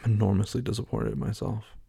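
Gravelly, hesitant man thinking aloud. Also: lowish voice, steady tone, fast talker, mellow, no room sound, studio quality. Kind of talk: casual talk, taking an online quiz aloud.

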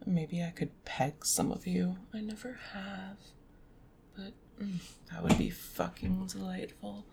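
A young woman in a whispered adult audio monologue, speaking slowly and intimately straight to her listeners from a chair at home. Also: mid-range voice, steady tone, noisy background. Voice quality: breathy whisper. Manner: slow, intimate, addresses listeners directly.

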